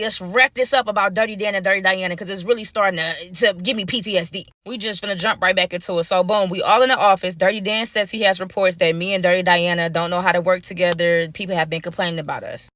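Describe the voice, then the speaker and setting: A young woman telling a storytime monologue in slangy, animated speech, full of dramatic repeats. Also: medium pitch, fast talker, no room sound.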